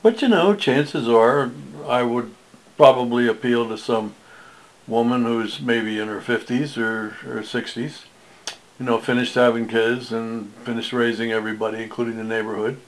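A man's voice: medium pitch, fairly even intonation, moderate pace, rough recording. A man in his seventies talking in a rambling, casual monologue, full of jokes at his own expense and wandering asides. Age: 70s. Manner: joking, self-mocking, wandering asides.

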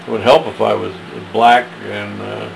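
Man with a gravelly, unhurried voice, rehearsing readings and grumbling about his mistakes. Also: on the low side, level tone, a little hiss or hum, low-quality recording. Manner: self-deprecating, muttering asides. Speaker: amateur reader of verses. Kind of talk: practicing readings aloud with self-commentary.

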